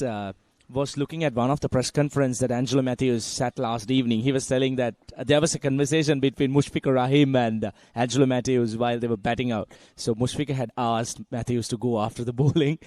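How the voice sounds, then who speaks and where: A man gives calm, analytical cricket commentary, pausing with small fillers as he talks. His voice sits in a middle pitch, and the sound is close and dry with no room around it. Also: no room sound. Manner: measured, analytical, with frequent fillers.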